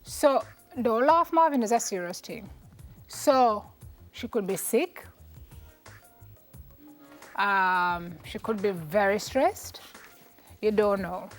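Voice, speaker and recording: A woman's voice: medium pitch, takes it slowly, pauses often, faint music behind. A young Jamaican woman co-hosting a morning TV show, frank and teasing as she gives advice. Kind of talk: casual chat. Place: TV studio.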